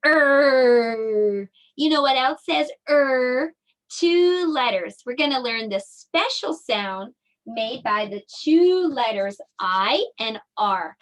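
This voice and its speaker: A middle-aged woman teaching a circle time lesson to young children in a slow, sing-song, animated voice. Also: a little high. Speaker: preschool teacher.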